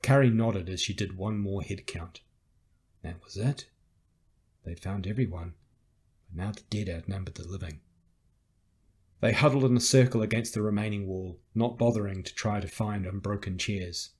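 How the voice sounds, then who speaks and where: Husky low-voiced male audiobook narrator. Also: moderate pace, long pauses, darkish tone. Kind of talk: scripted narration.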